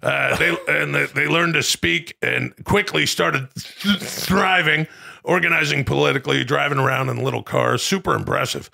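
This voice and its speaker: A man's voice: fairly high pitch, moderate pace, gravelly, bright, forceful tone, heavily acted. A man doing a comedic impression of a ranting middle-aged male conspiracy radio host, with a stammering, blustery delivery.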